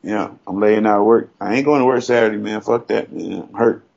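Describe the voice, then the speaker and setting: A man co-hosting a casual podcast, telling stories in a profane, animated way. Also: lowish voice, fairly quick, vocal fry, highs cut off. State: sore from a fall. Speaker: podcast co-host. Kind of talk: casual chat.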